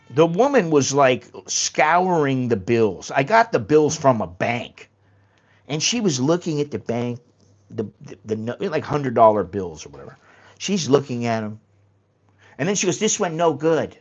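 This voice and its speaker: A man's voice: mid-range voice, muffled recording. Blunt, rambling man on a livestream. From United States. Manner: rambling, blunt storytelling with casual swearing. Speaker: livestream host. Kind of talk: casual livestream chat.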